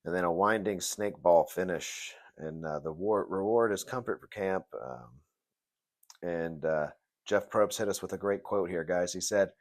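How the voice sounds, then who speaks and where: A man with a somewhat low voice talks through a TV episode review in loose, rambling commentary. He swears freely, jokes, and slips into mocking rants. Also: a little slow. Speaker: TV show reviewer. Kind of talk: casual video review commentary.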